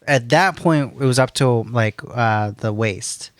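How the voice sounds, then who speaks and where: A man's voice: medium pitch, a little slow, clear, resonant tone, dry recording. A young man rambling through a casual podcast story, swearing a lot and laughing often. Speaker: podcast co-host. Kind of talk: casual chat.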